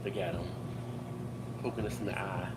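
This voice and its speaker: A man's voice: deep voice, steady tone, normal speed, very noisy. A man hosting a casual live stream, greeting viewers by name and laughing often. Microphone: webcam close up.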